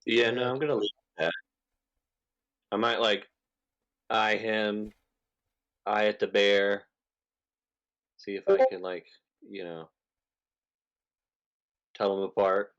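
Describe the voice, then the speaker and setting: A man playing in a tabletop game, speaking slowly and deliberately about what he wants to try. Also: on the low side, little pitch movement, a bit bright, clear, resonant tone. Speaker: player. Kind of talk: casual tabletop play. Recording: dull lo-fi mic.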